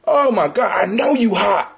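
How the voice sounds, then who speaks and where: High-voiced man ranting, profane and mocking. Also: expressive, moderate pace, creaky. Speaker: livestream host. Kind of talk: heated livestream rant.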